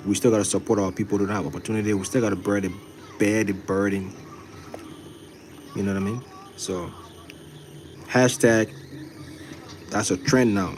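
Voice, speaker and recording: Guy going live, earnest and fired up, keeps repeating himself, low voice. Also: fairly even intonation, moderate pace, pauses often, darkish tone, slight background noise. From Liberia. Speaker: content creator. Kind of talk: livestream chat.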